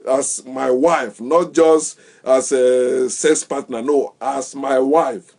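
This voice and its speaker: A man giving his opinions in casual talk, lively, acting out the people he quotes and laughing often. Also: medium pitch, takes it slowly, gravelly. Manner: animated, acts out quoted voices.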